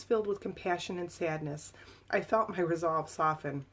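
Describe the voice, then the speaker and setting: A woman with a fairly low voice reads her own memoir aloud to people listening live. Her delivery is emotional and halting, full of fillers and restarts as she works through the text. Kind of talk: memoir reading to a live audience.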